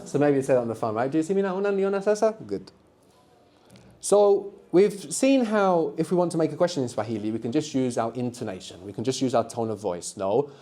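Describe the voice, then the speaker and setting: Male language teacher running a live classroom workshop, warm mellow tone, encouraging, keeps checking in with the group. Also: mid-range voice, lively intonation, fairly quick. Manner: encouraging, quizzes the group with frequent tag questions. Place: classroom with students.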